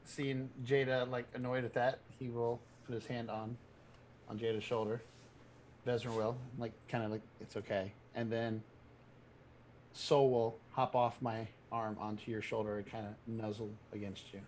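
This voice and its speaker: A man playing in a tabletop game, calm and gentle as he describes his character. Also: medium pitch, moderate pace, a little hiss or hum. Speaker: player.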